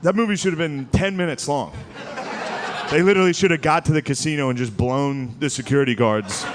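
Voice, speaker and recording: A man doing a live stand-up set, talking loosely with lots of "like" and quick impressions. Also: on the high side. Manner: loose, rambling delivery full of "like" and quick impressions. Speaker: stand-up comedian. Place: comedy club stage with laughing audience. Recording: live room with audible audience noise.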